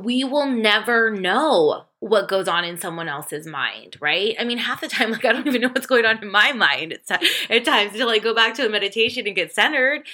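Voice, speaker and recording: The divorced adult life coach behind a self-help podcast speaks with a sharp tone, keeping it casual, laughing a lot and cursing without restraint. When she quotes herself, her pitch shoots way up.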